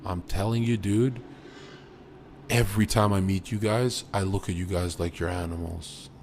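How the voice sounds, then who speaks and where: Boastful deep gravelly young man. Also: fairly even intonation, moderate pace, a little hiss or hum. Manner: boastful and profane, swinging from loud bursts to low mutters. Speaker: livestreamer. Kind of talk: live stream rant.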